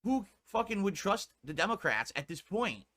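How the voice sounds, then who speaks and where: A man from the United States rants on a stream in a higher-than-usual, bright, pushing voice. He sounds indignant and swears freely. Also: sing-song, moderate pace. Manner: indignant, profane ranting. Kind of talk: ranting commentary on a stream.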